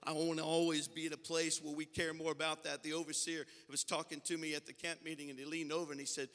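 Fervent high-voiced man preaching in a reverberant sanctuary. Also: little pitch movement, quick pace. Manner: impassioned preaching that swells into loud, fervent passages; folksy, conversational storytelling between climaxes. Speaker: senior pastor. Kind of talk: Pentecostal sermon. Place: church sanctuary. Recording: long hall reverb from a large sanctuary.

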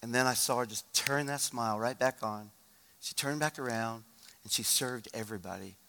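A male pastor preaching a sermon, moving from loud urgent exhortation to a quiet, hushed story. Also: medium pitch, normal speed, long reverb tail.

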